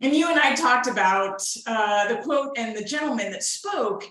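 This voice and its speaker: A woman's voice: a little high, expressive, moderate pace, fairly bright tone. Bubbly woman in a very echoey room. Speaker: real estate webinar co-host. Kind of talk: casual market update webinar.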